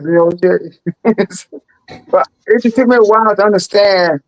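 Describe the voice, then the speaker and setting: A man chatting casually on a panel, halting and repeating words in an easygoing way. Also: high-pitched, low-quality recording. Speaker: panel participant. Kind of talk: casual chat.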